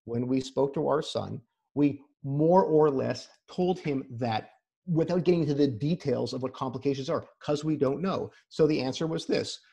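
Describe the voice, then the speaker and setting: Man, therapist guest, gravelly voice, breathy, video call, repeats words, step-by-step advice. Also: medium pitch, moderate pace, mellow. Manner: repeats words when starting sentences; explains in numbered practical steps. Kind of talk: casual advice conversation.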